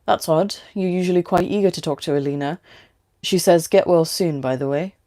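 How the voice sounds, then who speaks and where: Gentle caring father, soft reassuring delivery, mellow low tone, read by a woman in her own voice. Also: fairly quick, close to an everyday voice.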